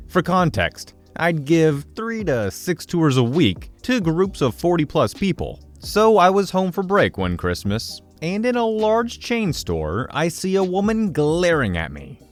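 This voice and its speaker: A male narrator reading internet stories aloud, his mid-range voice swinging widely in pitch as he tells them. His delivery is lively and expressive, with soft music playing faintly underneath. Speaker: story narrator.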